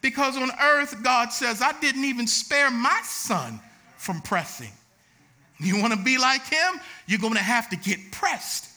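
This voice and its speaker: Preacher guy, real high voice, super bright, yelling his sermon then going quiet. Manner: shouting, preaching with rising intensity.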